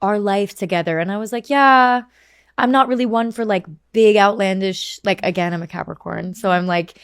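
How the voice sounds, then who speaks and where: A young woman in her twenties, a podcast guest, telling a story in a lively, animated way and swearing freely in casual chat. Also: mid-range voice, a little fast, clean tone, dry recording, studio quality. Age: 20s.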